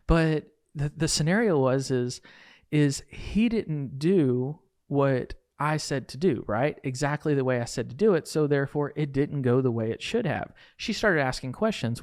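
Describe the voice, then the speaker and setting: A man hosting a podcast, telling a coaching story in a lively way and acting out the quoted dialogue. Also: medium pitch, normal speed, dry recording, clean studio sound. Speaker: podcast host and real estate coach.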